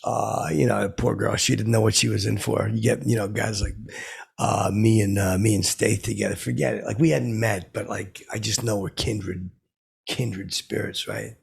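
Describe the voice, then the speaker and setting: A man's voice: lowish voice, fairly even intonation, moderate pace. A man hosting his own podcast, telling boastful comic stories in a meandering way with lots of fillers. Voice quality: gravelly, raspy. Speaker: podcast host. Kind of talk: rambling comic storytelling.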